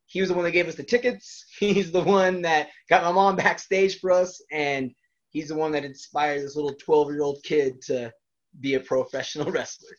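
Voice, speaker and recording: A man's voice: a little high, fairly even intonation, normal speed. Guy rambling through old stories, chuckling a lot, kinda muffled lo-fi recording. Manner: rambling, laughs often between stories. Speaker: wrestler guest. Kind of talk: casual storytelling interview. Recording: dull lo-fi recording.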